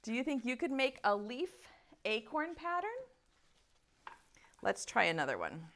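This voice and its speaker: A woman teaching online preschool circle time, chanting patterns in a slow sing-song teacher voice. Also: fairly high pitch, sing-song, a bit bright.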